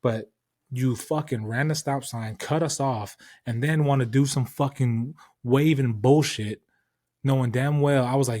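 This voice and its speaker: A man hosting a podcast, retelling a story in a heated, profane, animated way. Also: mid-range voice, a little slow, no room sound, studio quality. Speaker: podcast host. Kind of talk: casual storytelling.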